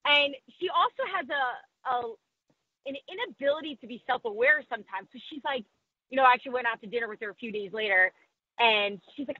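Woman sports reporter, self-deprecating chat, husky voice, slightly dull lo-fi audio. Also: on the high side, a little fast, dry recording. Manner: candid, self-deprecating, quotes people in put-on voices. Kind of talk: podcast interview.

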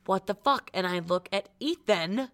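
A young woman co-hosting a podcast, telling a story in casual chat, animated and laughing often. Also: medium pitch, normal speed. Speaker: podcast co-host.

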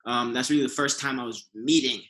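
A man's voice: mid-range voice, fairly quick, poor audio. A man who is a sprinter, guest in a casual conversation, talking through his career with lots of "like" and "um". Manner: relaxed, filler-heavy recounting.

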